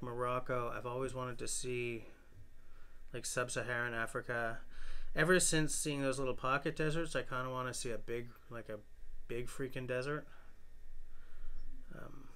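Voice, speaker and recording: A tired man hosting a casual live stream from his phone, rambling in a relaxed, self-deprecating way. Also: medium pitch. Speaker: bushcraft channel host. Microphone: phone camera.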